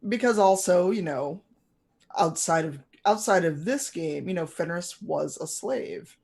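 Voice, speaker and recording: A game master narrates a tabletop game scene at a middle pitch, rambling along with fillers and restarts. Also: expressive, unhurried, gravelly, darkish tone, slightly rough.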